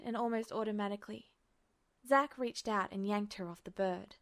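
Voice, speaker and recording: A woman narrating a fanfiction audiobook in an expressive storytelling manner. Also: medium pitch, moderate pace. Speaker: audiobook reader.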